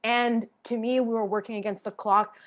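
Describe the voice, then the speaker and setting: A woman's voice: fairly high pitch, flat delivery, moderate pace, lo-fi sound. Candid, passionate woman on a panel. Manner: passionate, candid, swears casually. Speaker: panel guest, theater artist. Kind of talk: panel discussion talk.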